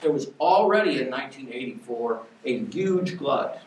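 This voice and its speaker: An older man giving an academic lecture as a guest lecturer, emphatic and wry, with lively bursts of stress on key words. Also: medium pitch, normal speed, a little hiss or hum. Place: lecture hall. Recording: echoey hall from far off.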